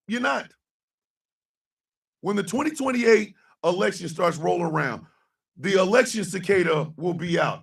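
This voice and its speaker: High voiced guy yelling a profane rant on radio, swoops all over, gravelly, bit off mic. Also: lively intonation, measured pace, long pauses, distant mic. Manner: profane, loud, shouting often, sarcastic. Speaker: radio show host. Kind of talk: angry political rant.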